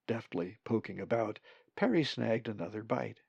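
A man reading a storybook aloud, slow and expressive, his low voice gravelly and a little husky. It is a dry, dull lo-fi recording. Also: no room sound. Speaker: audiobook narrator. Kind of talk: scripted narration.

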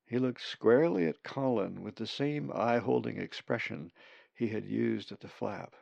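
Male storybook narrator, low gravelly voice, dull dry recording. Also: a little mellow, no room sound. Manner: slow, measured reading.

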